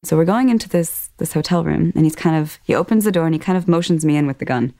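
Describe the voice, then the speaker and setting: A woman giving documentary testimony, recounting events earnestly and in a measured way, often acting out quoted speech. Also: sits low, dark tone, dry recording. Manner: earnest, measured retelling that voices others' quoted words. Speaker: interviewee telling her own story.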